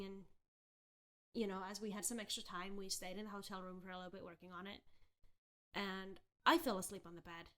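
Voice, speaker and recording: A young woman in her twenties, a podcast host, telling a personal story in a candid, animated way, with frequent laughter and fillers like "like" and "um". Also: mid-range voice. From Southern California. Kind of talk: casual storytelling rant.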